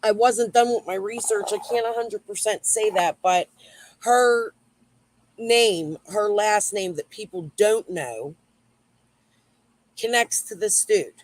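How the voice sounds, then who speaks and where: In a casual livestream rant, a female YouTube host swears and wanders off topic while answering her chat. She speaks slowly at a medium pitch, and the recording is dry and low quality.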